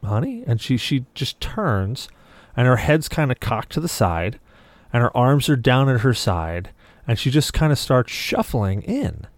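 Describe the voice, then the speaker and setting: A man's voice: mid-range voice, animated, measured pace, no echo. A man telling a long story on a casual podcast, acting out the lines of the people in it as he goes. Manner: vivid storyteller who acts out quoted dialogue. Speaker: podcast co-host.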